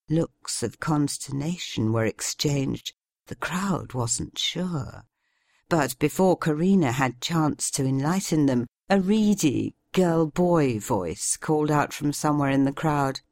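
A woman narrating a story in a measured, expressive storytelling manner. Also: rumbling low, no echo. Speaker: audiobook narrator. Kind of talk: scripted narration.

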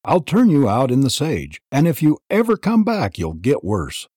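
A man voicing a jealous, stern church elder who speaks harshly and commandingly, with a husky voice. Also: medium pitch, wildly swooping pitch, moderate pace, darkish tone, no echo, studio quality, voice pushed up. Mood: threatening. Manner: harsh, commanding, clipped threats. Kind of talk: audiobook reading.

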